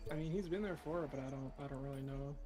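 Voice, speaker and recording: A man's voice: mid-range voice, fast talker, dark tone, soft background music. A young man from California, chatting casually and venting frankly, with frequent swearing. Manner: frank, swears often, vents about annoyances. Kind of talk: casual chat.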